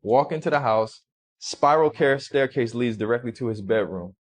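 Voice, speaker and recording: A man's voice: medium pitch, expressive. Hesitant man telling his story. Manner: halting, hesitant storytelling with restarts. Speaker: interview guest. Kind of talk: recounting a personal story in an interview.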